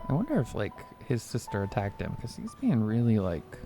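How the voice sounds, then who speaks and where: A man's voice: lowish voice, wildly swooping pitch, a little fast, dark tone, soft background music. A man streaming a game in casual chat, playful and rambling, swearing casually and talking to his cat. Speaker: gaming streamer. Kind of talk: casual let's-play chat.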